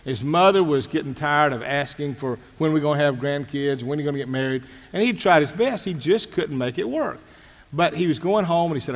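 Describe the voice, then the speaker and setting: A man's voice: on the high side, lively intonation, brisk, big-room sound. A man giving a motivational talk on leadership, emphatic and full of stories and repeated phrases. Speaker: speaker on leadership.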